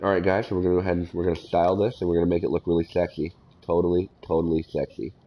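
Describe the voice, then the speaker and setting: Man, lowish voice, live game streamer, casual chat, swears a lot, exasperated. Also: level tone, very fast, dull audio. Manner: profane, exasperated griping. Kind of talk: casual gameplay commentary.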